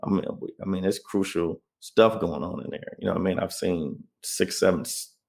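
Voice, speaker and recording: A deep, gravelly, darkish voice at normal speed belongs to a man being interviewed about his life. His storytelling is conversational, regularly checking in with the listener through "you know what I mean."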